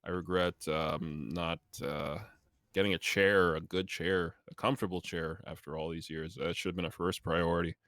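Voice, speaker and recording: A low-pitched man talking as a guest in a casual video call interview. He is wry and self-mocking and laughs at his own regrets. The recording is dry and close, with no room echo. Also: fairly even intonation, moderate pace, a bit bright. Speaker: guest streamer.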